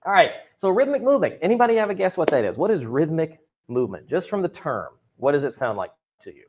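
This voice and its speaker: A man's voice: fairly high pitch, very animated, quick pace, darkish tone. Upbeat chatty male teacher on a video call. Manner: upbeat, chatty, joking asides with students. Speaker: drama and chorus teacher. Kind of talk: virtual class lesson. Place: classroom. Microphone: computer mic on a video call.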